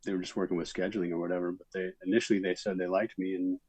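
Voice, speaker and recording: A middle-aged man from Minnesota talks through his stories in a relaxed, rambling way, with lots of fillers. His voice sits very low and stays level. The sound is close and dry. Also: very fast, breathy edge, no echo, rough recording. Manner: relaxed storytelling, many fillers. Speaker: actor guest. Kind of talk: casual interview chat.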